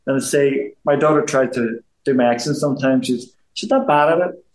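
A man in his fifties with a softened Belfast accent talks through an interview in a loose, circling way. He restarts sentences and repeats phrases as he goes. His voice sits at an ordinary pitch, and the room adds a noticeable echo. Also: fairly even intonation, fairly quick. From Belfast, Northern Ireland. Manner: rambling, repeats himself, frequent restarts. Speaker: interview guest, former boxer. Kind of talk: casual interview chat.

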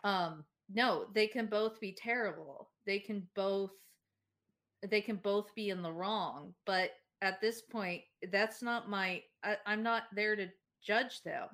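Woman, podcast co-host, opinionated, laughs a lot, bright tense tone. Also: mid-range voice, takes it slowly. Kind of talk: casual chat.

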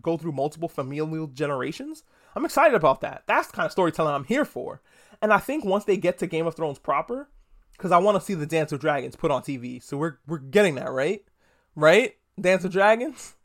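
Profane, rambling man reviewing an episode. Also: on the high side. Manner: profane, rambling, jokey asides. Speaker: podcast host reviewing a TV episode. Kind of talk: casual solo review.

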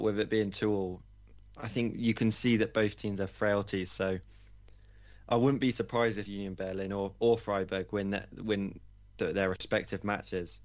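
A man talks football in a casual, thinking-aloud way. His low voice barely moves in pitch. He stops and restarts often as he weighs up each team.

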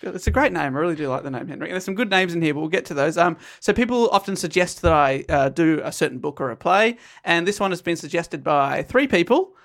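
A woman's voice: lowish voice, expressive, fast, hardly any pauses. A woman hosting a casual book chat, dry and teasing, laughing often. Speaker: podcast host.

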